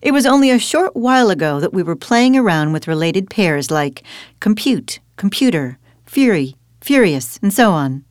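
A woman's voice: medium pitch, big pitch swings, normal speed, no room sound, clean studio sound. A woman in a scripted teaching dialogue who leads by asking questions and correcting her partner. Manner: quizzing, leading with questions.

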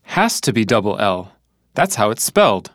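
A man acting as the learner in a scripted lesson dialogue, answering in a relaxed way with hesitations. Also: fairly low pitch, moderate pace, dry recording, studio quality. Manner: relaxed, thinks aloud with hesitations.

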